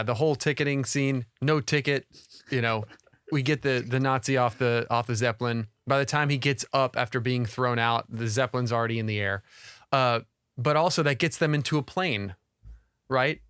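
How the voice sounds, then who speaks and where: A man's voice: mid-range voice, a bit bright, clean tone, dry recording, clean studio sound. A man co-hosting a podcast, casually and animatedly talking about a favorite movie scene, amused, with many restarts. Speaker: podcast co-host. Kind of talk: casual film discussion.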